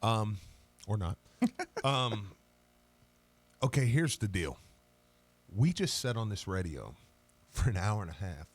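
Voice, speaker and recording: A man with a low, deep voice co-hosts a sports radio show from a studio. His delivery is animated and swings widely in pitch. He tells stories in loose banter and laughs along the way. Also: slow, pauses often. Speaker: radio co-host.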